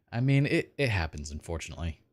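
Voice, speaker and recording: A man chatting casually while streaming a video game, rambling and self-deprecating. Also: sits low. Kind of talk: casual gaming stream chat.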